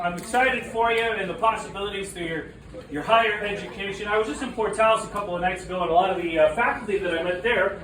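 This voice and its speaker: A stand-up comedian from New Mexico, joking and teasing the crowd at a party. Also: male voice, high voice, bright, forceful tone. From New Mexico, USA. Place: party room with audience. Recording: echoey room from far off, crowd noise.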